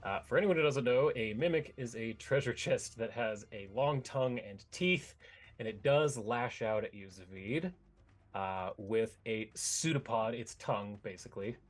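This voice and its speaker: A man's voice: medium pitch, normal speed. A man running a tabletop game online as game master, talking casually and correcting himself as he goes. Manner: casual, self-correcting, swears when flustered.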